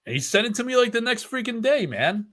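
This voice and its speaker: Opening card packs at home, this Northeastern U.S. collector runs his channel with casual, meandering stories, jokes and trash talk. He talks fast in a very high, sing-song voice with a fairly bright tone.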